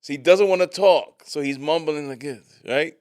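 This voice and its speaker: A man in his forties hosting a podcast, telling stories in an animated, profane way. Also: on the high side, moderate pace. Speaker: podcast host. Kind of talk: casual podcast chat.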